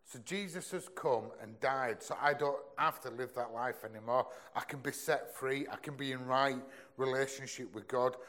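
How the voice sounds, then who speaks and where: A young man delivers a sermon in a chatty, earnest way. His voice sits at an ordinary mid-range pitch and often sinks low and soft when he presses a point home. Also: normal speed, few pauses. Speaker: preacher.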